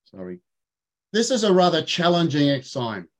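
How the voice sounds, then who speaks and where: An older man with an Australian accent, leading an online vesper service in a gentle, formal and devout manner. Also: fairly high pitch, sing-song, moderate pace, low-quality recording. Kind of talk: sermon delivered online.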